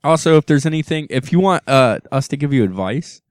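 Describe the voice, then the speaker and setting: A man's voice: on the high side, animated, fairly quick, smooth, no room sound, clean studio sound. A man co-hosting a casual podcast with his wife, chatting loosely and chuckling often. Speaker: podcast co-host.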